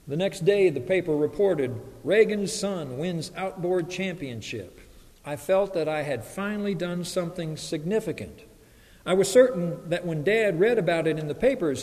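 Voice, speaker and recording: Male pastor, slightly higher voice, earnest emphatic sermon, long hall reverb. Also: animated, moderate pace, a little mellow. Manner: earnest, emphatic preaching with rising intensity on quotes.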